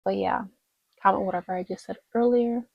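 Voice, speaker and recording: A woman's voice: mid-range voice, steady tone, fairly quick, vocal fry, no echo, dull audio. A woman casually reviewing dolls in a rambling, chatty vlog, tired late at night. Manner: chatty and rambling, lots of fillers and self-corrections. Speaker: doll collector vlogger.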